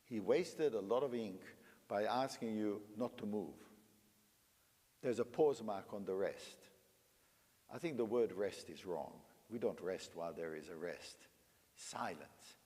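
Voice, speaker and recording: A man's voice: lowish voice, a little slow, warm tone. An older man teaching a piano master class. He sings phrases aloud and coaches his student with emphatic, coaxing instructions. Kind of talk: coaching a young pianist. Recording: large hall with long reverb, piano playing.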